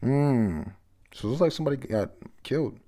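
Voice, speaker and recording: A man's voice: medium pitch, lively intonation, normal speed, dark tone. A young man casually reading through a comic chapter and commenting, rambling, stumbling over words and swearing now and then. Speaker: manga chapter reviewer.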